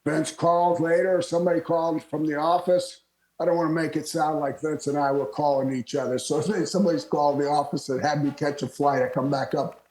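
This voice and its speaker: An older man from Florida, a retired wrestler, telling lively stories as a guest and laughing often. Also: on the high side, brisk. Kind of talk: storytelling interview. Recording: roomy echo.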